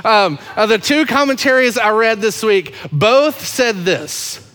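Man, pastor, impassioned sermon, loud-to-hushed swings, high voice, church sanctuary, long hall reverb. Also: lively intonation, a little slow.

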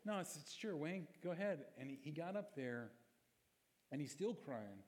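A man's voice: fairly high pitch, very animated, moderate pace, darkish tone, slight background noise. A man preaching a sermon as pastor, moving from storytelling into impassioned exhortation. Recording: long hall reverb.

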